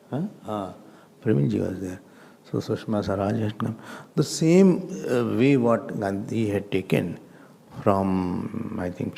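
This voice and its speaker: A man, a swami giving a spiritual discourse as an animated storyteller who acts out other people. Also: fairly low pitch, gravelly, slight background noise. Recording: long reverb in a hall.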